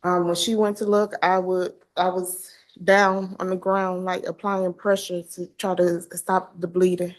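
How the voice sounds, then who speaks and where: A woman testifying as a witness in court, answering briefly with hesitant pauses. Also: fairly low pitch, little pitch movement. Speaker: trial witness.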